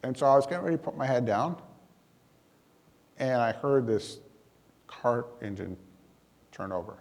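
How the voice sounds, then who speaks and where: Man, speaker at a talk, humorous storytelling, gravelly voice, medium pitch, lively comic timing. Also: moderate pace, in a large hall. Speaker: emergency manager giving a talk. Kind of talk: humorous personal storytelling to an audience.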